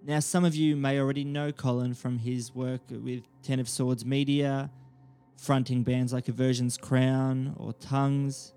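A man co-hosting a comedy podcast, animated and mock-grandiose, with casual swearing. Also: mid-range voice, a little slow, clean tone, faint music behind. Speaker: podcast co-host.

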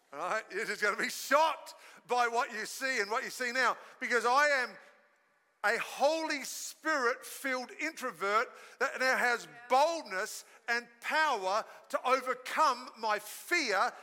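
A man's voice: extremely high pitch, slow pace. A man preaching a sermon as pastor at a live church service, telling stories energetically and calling on the congregation to join in. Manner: storytelling, energetic preaching with audience call-and-response. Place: church hall. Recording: live sermon in a reverberant hall.

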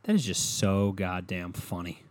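A man's voice: low voice, unhurried, dry recording. A young man hosting his own podcast, rambling and swearing casually with self-mocking humor, speaking into a headset at home. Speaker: podcast host. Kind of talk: casual solo podcast rant.

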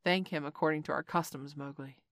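A woman's voice: low voice, steady tone, brisk, a bit bright, dry recording. A woman voicing a proud male panther who talks in a dry, clipped way. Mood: stern.

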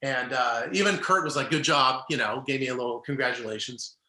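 Speaking a little fast at a medium pitch, this guest is a middle-aged man who used to play baseball. He recounts a story in relaxed chat, lively and voicing each person he quotes, and the room around him echoes.

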